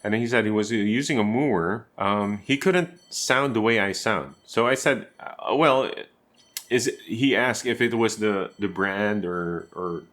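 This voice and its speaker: Low-voiced man explaining guitar gear. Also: a little slow, hardly any pauses, a bit bright. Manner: chatty, explains step by step with asides to the viewer. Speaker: guitarist and teacher. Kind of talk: casual guitar tutorial. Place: home room.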